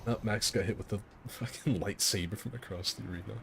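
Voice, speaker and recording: A man's voice: lowish voice, fast, creaky, a bit bright, slight background noise. A man streaming a game fight night, telling a long rambling story that breaks off and keeps laughing at itself. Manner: rambling, self-interrupting, laughing at his own jokes. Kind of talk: casual storytelling over gameplay.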